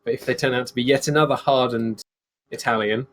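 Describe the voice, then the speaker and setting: A man of middle pitch chats casually as a player in a tabletop game. He talks easily and is quick to laugh. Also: fairly even intonation, fairly bright tone.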